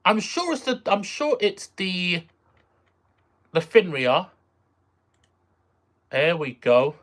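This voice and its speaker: Slow, rambling livestream chatter. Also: medium pitch, very animated, fairly bright tone. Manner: rambling, repeats phrases, trails off searching for words; reacts aloud to viewer messages. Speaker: streamer. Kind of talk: casual livestream chat with viewers.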